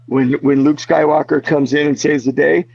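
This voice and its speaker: A man's voice: fairly high pitch, steady tone, moderate pace, gravelly, a little mellow. A man being interviewed as a guest, telling restless, rambling stories in casual chat with lots of fillers. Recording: dull, lo-fi, dry sound.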